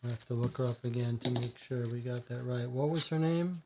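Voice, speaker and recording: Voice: mid-range voice, fairly quick, noisy background. Streamer thinking aloud over a board game. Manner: thinking aloud, many fillers, reads case text aloud. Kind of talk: co-op board game livestream commentary.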